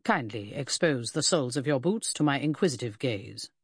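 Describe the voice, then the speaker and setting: A reader voicing a brusque, fussy English detective who speaks in clipped phrases. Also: male voice, mid-range voice, animated, normal speed, slightly rough, no room sound, clean studio sound. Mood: brisk.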